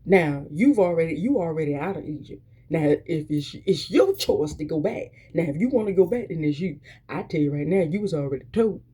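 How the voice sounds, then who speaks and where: A woman's voice: low-pitched, expressive, brisk, hardly any pauses, mellow, breathy edge. A woman preaching a weekly motivational encouragement, fervent and repetitive, urging listeners on with many restarts. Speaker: motivational speaker.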